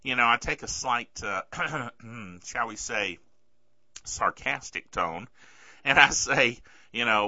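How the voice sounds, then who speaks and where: A man hosting a podcast in a casual, sarcastic tech-news chat, bothered by a sore throat and clearing it often. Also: mid-range voice, slow pace, sharp tone, dry recording. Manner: chatty, sarcastic, keeps asking "okay?". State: throat trouble, keeps clearing his throat. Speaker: podcast host. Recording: dull lo-fi dry recording.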